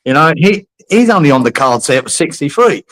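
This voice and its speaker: A man's voice: on the high side, big pitch swings, fairly quick, fairly bright tone, rough recording. A man hosting a casual chat, talking about football in a matter-of-fact way with casual swearing. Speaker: host.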